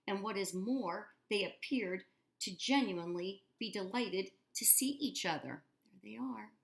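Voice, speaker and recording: A woman reading a children's book aloud expressively, adding casual asides to her listeners. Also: on the low side. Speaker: storyteller.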